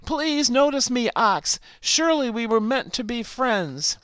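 A vain, boastful male frog, read by a woman telling a storybook tale. The lines come slowly in a smooth, clear voice. The sound is dry and close. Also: on the high side, animated, fairly bright tone, no room sound. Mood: yearning. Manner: slow storybook reading of the frog's lines.

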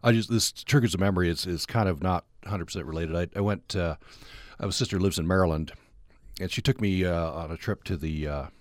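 A man with a Utah accent hosting a radio interview, relaxed and conversational with many fillers. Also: deep voice, fast talker, no echo, clean studio sound. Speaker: radio host. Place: radio studio. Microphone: studio microphone.

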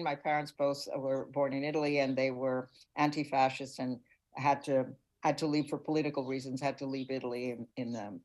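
A woman's voice: low voice, low-quality recording. An older woman, a foreign correspondent, giving reflective interview answers and searching for her words.

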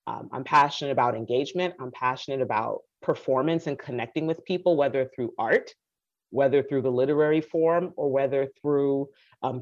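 A woman born in Haiti telling her life story with passion, acting out the voices of people she quotes. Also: rumbling low. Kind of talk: personal storytelling talk. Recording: dull lo-fi recording.

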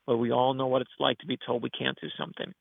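A middle-aged male guest author tells stories earnestly in a casual interview, acting out the quotes as he goes. His mid-range voice is level, fast, and gravelly, with no echo. It comes through a tinny phone line.

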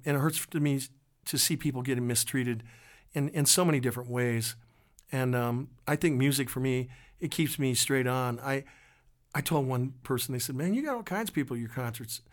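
Man, musician guest, earnest, halting, reflective storytelling. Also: medium pitch. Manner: earnest, halting with restarts and fillers.

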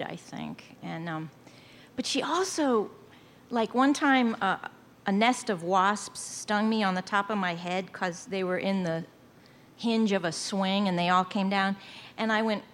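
Woman guest, unhurried storyteller, animated and laughing, light background noise. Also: medium pitch. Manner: animated, laughs often, acts out quoted voices. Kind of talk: casual interview anecdotes.

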